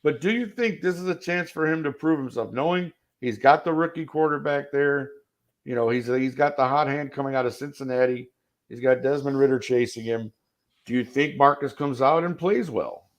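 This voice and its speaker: A man's voice: mid-range voice, moderate pace. A man hosting a casual football talk show, asking long rambling questions with jokes. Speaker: football podcast host. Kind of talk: casual sports chat.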